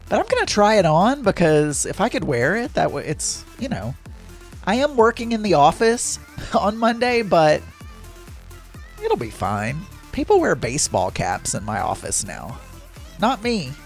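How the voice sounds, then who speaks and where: A middle-aged man hosting his own podcast, chatting casually and rambling in a self-deprecating way. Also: on the high side. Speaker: podcast host. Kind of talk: casual solo chat.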